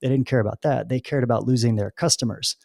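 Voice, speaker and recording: A man talks as a podcast guest, unfolding his spiritual views with long, earnest explanations and little stories along the way. His voice sits at an ordinary middle pitch. The recording is dry and close, with almost no room sound. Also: steady tone, quick pace, vocal fry, darkish tone, no echo. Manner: earnest, explains at length with storytelling asides. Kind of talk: conversational spiritual discussion.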